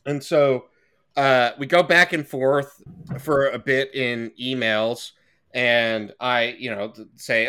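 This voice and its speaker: Bright-voiced man ranting profanely. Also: medium pitch, steady tone, takes it slowly, smooth. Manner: profane, heated storytelling. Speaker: podcast co-host. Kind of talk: casual podcast storytelling.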